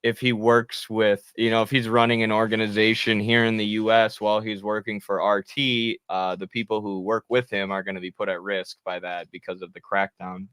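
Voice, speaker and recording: A man's voice: fairly low pitch, normal speed, few pauses, clear, resonant tone, dry recording. A man co-hosting a casual political talk show, talking animatedly and acting out what people said. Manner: animated, acts out quotes with laughs. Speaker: co-host.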